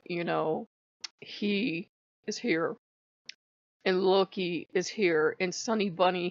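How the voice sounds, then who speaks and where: A woman's voice: mid-range voice, no room sound. Woman, casual spiritual vlog, wry and chatty, laughs often, dull dry lo-fi recording. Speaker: spiritual vlogger.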